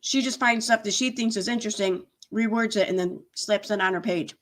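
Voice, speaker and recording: A woman's voice: medium pitch, a little fast. A woman hosting a casual livestream, chatting and reacting with sarcastic, laughing commentary. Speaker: commentary channel host.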